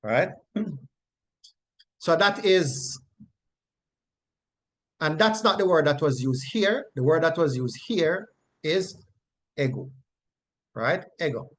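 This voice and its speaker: A male Bible teacher explaining grammar in a lesson, often pausing to check in with "right?". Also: a little high, animated.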